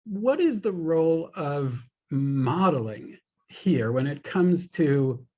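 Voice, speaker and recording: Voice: mid-range voice, animated, slow pace, a little mellow. A host asking a long, rambling question on a video call, thinking aloud along the way. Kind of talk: conversational interview questions.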